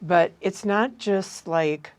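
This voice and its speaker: A woman interviewing a comedian, attentive, with frequent soft affirmations and thoughtful questions. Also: mid-range voice, takes it slowly. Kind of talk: casual interview.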